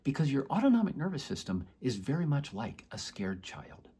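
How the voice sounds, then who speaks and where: A man's voice: mid-range voice, wildly swooping pitch, normal speed, dark tone, breathy edge. A man, a doctor, explaining earnestly to camera and acting out quoted voices in his examples. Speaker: doctor teaching about chronic pain. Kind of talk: educational talk to camera.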